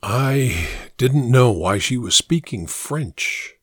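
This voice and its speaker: Brief: male narrator, middle-pitched, measured reflective storytelling, dry close recording. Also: lively intonation, slightly rough, no room sound.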